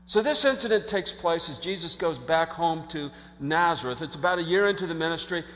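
A man preaching a sermon as pastor, in an animated conversational way, acting out quotes and often restarting his sentences. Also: a little high, a little fast. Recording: long hall reverb.

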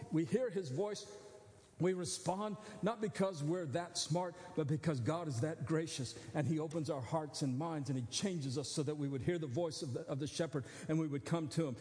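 High-voiced preaching man in a reverberant hall. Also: a little mellow. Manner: conversational teaching, asks listeners to follow along. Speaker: pastor. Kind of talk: sermon. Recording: long church hall reverb.

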